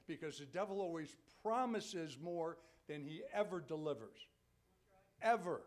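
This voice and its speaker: A man's voice: on the high side, moderate pace. Conversational older male pastor preaching. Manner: conversational preaching, frequent "okay?" check-ins, rising to loud emphatic peaks. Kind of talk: sermon. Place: church sanctuary.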